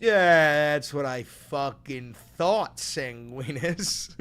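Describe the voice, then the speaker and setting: Animated, profane male podcast host. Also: fairly high pitch, measured pace. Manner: joking, profane, swings between loud and quiet. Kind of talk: casual pre-show banter. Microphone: studio podcast mic with adjustable gain.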